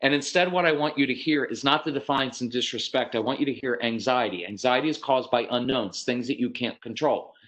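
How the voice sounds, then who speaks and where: Speaking briskly with few pauses, a parenting speaker with a medium-pitched, fairly bright voice offers advice on a video call. His style is relaxed and chatty, at times eyes shut, now and then playing the part of a parent or kid. Audio quality is poor.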